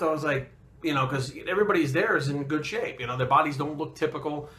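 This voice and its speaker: A man's voice: a little high, quick pace, sharp tone. A man telling a story in casual talk, blunt and profane, getting heated as he goes. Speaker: fitness coach and bodybuilder.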